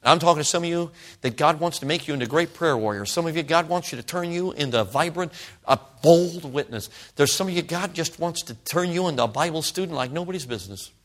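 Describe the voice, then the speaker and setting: A man's voice: on the high side, quick pace. A middle-aged man preaching a sermon, telling stories and speaking straight to the congregation. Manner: animated storytelling, addresses the congregation directly.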